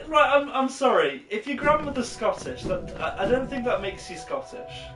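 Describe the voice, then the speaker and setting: A woman's voice: on the high side, big pitch swings, moderate pace. A woman co-hosting a game stream in casual chat, giggly and fond of cute creatures. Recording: echoey room, far mic, game music.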